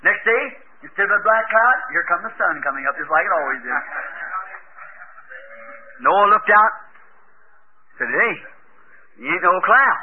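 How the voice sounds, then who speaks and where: A preacher with a strikingly high voice tells the story in a folksy way, acting out each character as he goes. The sound is thin and tinny, like an old tape recording with a faint hiss running under it. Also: lively intonation, a little slow, long pauses. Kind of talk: sermon.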